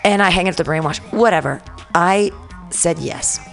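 A woman hosting a radio talk show tells a lively story and acts out each quoted line. Her voice sits low and has a gravelly fry. Soft music plays faintly behind her. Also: normal speed. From San Francisco. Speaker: radio station host. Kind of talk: casual storytelling chat.

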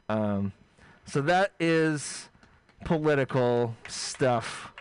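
A man doing a rambling, self-deprecating stand-up comedy set while high. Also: measured pace, clear, resonant tone, no room sound, rough recording.

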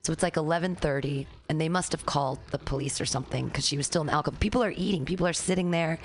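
A woman comedian in casual chat, telling neighborhood stories and acting out loud shouted quotes with laughter. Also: low-pitched, racing. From San Francisco area.

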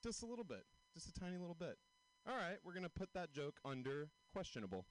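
A young man doing a stand-up comedy set outdoors, animated, jumping into high squeaky voices for his bits. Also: quick pace, poor audio.

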